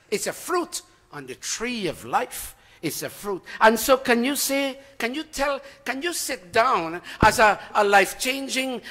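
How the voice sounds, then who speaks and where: An impassioned male preacher delivering a sermon in a house of worship, firing off rhetorical questions. His voice is fairly high and bright, with a forceful edge, and it swings between loud passages and soft, hushed ones. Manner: asks many rhetorical questions. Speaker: spiritual teacher.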